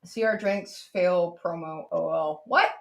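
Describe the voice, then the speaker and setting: A woman co-hosting a casual interview show, chatty and joking with quick asides. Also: lowish voice. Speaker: podcast co-host.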